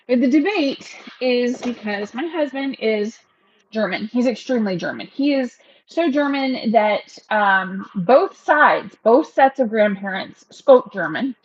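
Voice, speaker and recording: Casual livestream lady, kinda high voice, rambly and laughy, muffled stream audio. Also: lively intonation, unhurried, no echo. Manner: chatty and rambling, laughs often. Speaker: realtor hosting a livestream.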